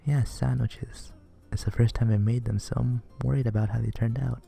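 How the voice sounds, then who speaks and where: A man voicing a shy, gentle teenage girl in a game reading, speaking softly, politely and earnestly. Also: medium pitch, fairly even intonation, normal speed, gravelly, faint music behind. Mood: worried.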